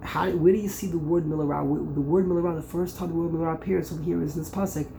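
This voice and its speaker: A man teaches a Bible lesson in a gravelly, fry-laced voice, working through the commentaries as he thinks aloud. He restarts and repeats words often and sounds out syllables with sudden loud stress. A faint hum of the room sits behind him. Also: on the high side, fairly even intonation, rapid-fire, low-quality recording. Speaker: Torah teacher.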